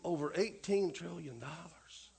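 High-voiced man preaching a sermon. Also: a little slow, vocal fry, darkish tone, slightly rough. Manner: emphatic preaching with rising, punchy lines and asides to the congregation. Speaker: pastor.

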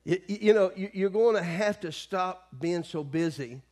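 A man's voice: high-pitched, normal speed, a little mellow. A middle-aged male pastor preaching a sermon in a folksy way, with many asides and calls to the congregation.

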